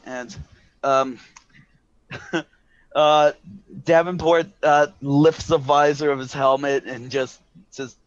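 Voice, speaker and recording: A man's voice: on the high side, steady tone, slow, long pauses, no echo. Rambling male game master. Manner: rambling, full of fillers and restarts. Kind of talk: narrating a tabletop game. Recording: dull lo-fi, dry.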